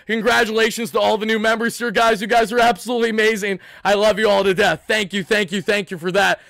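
A man hosting an emotional postgame livestream, shouting with excitement and fighting back tears. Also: high-pitched, fast talker, vocal fry, dry recording. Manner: excitable, shouting, swings between yelling and hushed emotion. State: close to tears. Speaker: sports fan livestream host.

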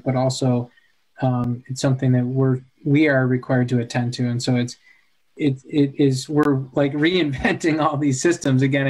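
A man's voice: mid-range voice, a little mellow. A man, a school administrator and a dad, hosting a virtual town hall and answering parents' questions in a sympathetic, thinking-aloud way over a video call.

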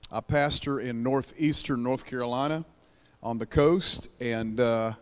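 A man's voice: mid-range voice, measured pace, clear, resonant tone. A middle-aged man with an Appalachian accent, opening a sermon as guest preacher and calling the crowd to praise. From mountains of Virginia. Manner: exuberant, calls for praise.

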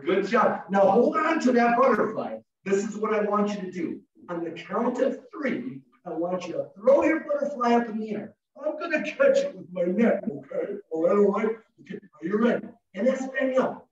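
A man with a high-pitched, lively voice at normal speed, an early childhood educator, leads young children through a story activity in an online class, playful and singsong as he coaxes them into call-and-response. The video-call audio sounds echoey, distant, and dull.

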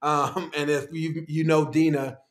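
A tech executive's slightly high, level voice comes through at a measured pace as he chats on a podcast as a guest. Easygoing, he laughs a lot while telling stories, and the room sounds echoey.

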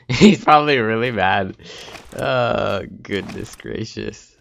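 A man's voice: lowish voice, slow, gravelly, a bit bright. A young man giving casual gameplay commentary, taunting other players and laughing often. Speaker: gaming YouTuber. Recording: faint game noise behind.

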